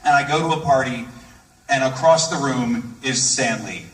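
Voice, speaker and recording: A man on stage at a live tribute event, telling a gushing, excitable anecdote in quick bursts. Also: mid-range voice. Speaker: guest speaker on stage. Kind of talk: enthusiastic storytelling anecdote. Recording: echoey theater from a distant mic.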